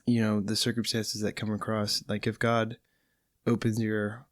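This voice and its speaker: A man from California appears as a guest on a studio podcast, speaking in a lowish, monotone voice at normal speed with no echo. In casual conversation he talks earnestly and reflectively about faith.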